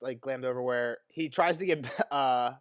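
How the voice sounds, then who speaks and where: A man co-hosting a casual podcast chat about a book, retelling scenes in an animated way with lots of "like". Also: medium pitch, moderate pace, no room sound, studio quality. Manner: animated retelling, heavy use of "like". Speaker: podcast co-host.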